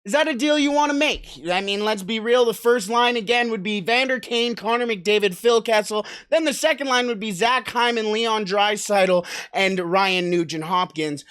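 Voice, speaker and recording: A man's voice: sits high, moderate pace, hardly any pauses, fairly bright tone, clear, resonant tone. A man hosting a casual solo hockey podcast, talking conversationally, asking listeners questions and shifting about in his seat as he talks.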